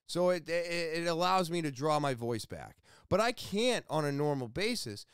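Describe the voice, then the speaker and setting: A fairly high-voiced man hosts his podcast solo, recounting a story in an excitable, nearly yelling way. His voice comes through smooth and resonant in a dry, close sound. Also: normal speed, no echo. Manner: excitable, loud, almost yelling; rambling with restarts and asides. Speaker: podcast host. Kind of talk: casual storytelling monologue.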